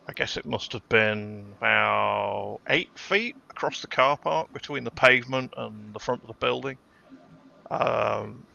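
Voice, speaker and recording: A man's voice: medium pitch, vocal fry, pushed and bright, dull audio. A man, chatting casually and telling a workplace story with some hesitation. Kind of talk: casual chat.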